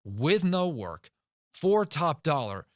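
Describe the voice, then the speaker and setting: A man's voice: fairly high pitch, sing-song, slow pace, no echo, studio quality. Emphatic man hosting a podcast. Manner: emphatic, storytelling, repeats words for stress. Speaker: podcast host and real estate investor. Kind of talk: podcast monologue.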